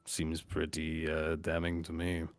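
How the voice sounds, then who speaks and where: A man's voice: rumbling low, completely flat delivery, measured pace, smooth, no echo, soft background music. A man chatting casually as a player in a tabletop game, loose and rambling with many fillers.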